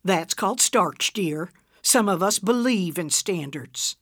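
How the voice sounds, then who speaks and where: A woman voicing a prim elderly woman in her seventies who delivers dry, deadpan put-downs in a storybook. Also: lowish voice, slow pace, no room sound, heavily acted. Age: 70s.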